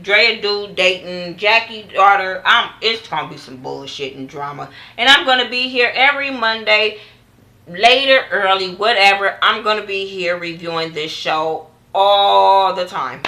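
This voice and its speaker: Young woman, vlogger recap, bright and forceful, loose and profane. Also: medium pitch, poor audio. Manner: animated, profane, acts out quotes of others. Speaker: TV show reviewer. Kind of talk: casual recap vlog.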